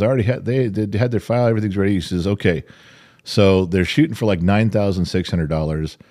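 A middle-aged man hosting a podcast, telling a story in casual chat, animated and profane, acting out the people he quotes. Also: low-pitched. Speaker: podcast host.

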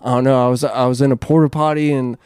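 A man's voice: medium pitch, fairly even intonation, fast talker, darkish tone, clear, resonant tone, no echo, clean studio sound. A man telling a rambling story in casual chat, swearing, laughing and acting out what people said. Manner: swearing, laughing, acts out quotes.

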